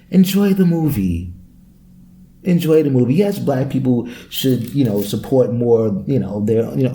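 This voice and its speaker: Male podcast host, very dark tone, mid-range pitch, loose profane ranting. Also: slight background noise. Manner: animated, profane ranting with rhetorical questions. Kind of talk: solo podcast rant.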